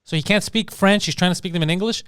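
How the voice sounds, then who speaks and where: A man co-hosting a comedy podcast, bantering and telling stories in an excitable, profane way. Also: sits high, racing, clean tone, no room sound. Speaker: podcast co-host. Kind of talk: casual comedy podcast chat.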